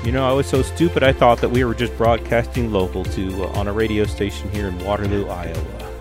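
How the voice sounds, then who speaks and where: A man's voice: on the low side, fairly even intonation, fairly quick, music in the background. A man co-hosting a podcast in casual chat, rambling and self-deprecating, laughing often. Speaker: podcast co-host.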